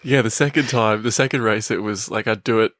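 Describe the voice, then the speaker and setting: A man's voice: on the low side, fairly quick, a bit bright, no room sound. A man, co-hosting a casual podcast chat with teasing, dry banter. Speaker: podcast co-host.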